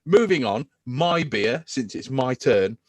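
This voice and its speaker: A man's voice: medium pitch, measured pace, no echo. A man hosting a podcast in casual chat, enthusing about beer. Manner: enthusiastic, animated beer talk. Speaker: podcast host.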